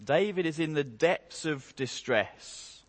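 A man preaching a morning sermon, slow and emphatic, with dramatic rises and quiet drops. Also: on the high side, expressive. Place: church hall. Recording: long hall reverb.

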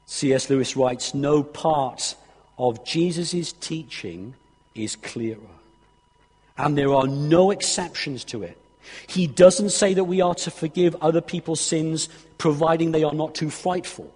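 A man's voice: a little high, darkish tone, slightly rough. A man preaching a sermon, reading scripture aloud and pressing its point earnestly to the congregation. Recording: long hall reverb.

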